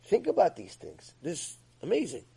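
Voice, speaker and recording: A man's voice: sits high, huge pitch swings, moderate pace, gravelly, dark tone, slight background noise, low-quality recording. A man teaching a religious ethics lecture in an emphatic, scolding way. He acts out the voices he quotes. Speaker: Torah teacher.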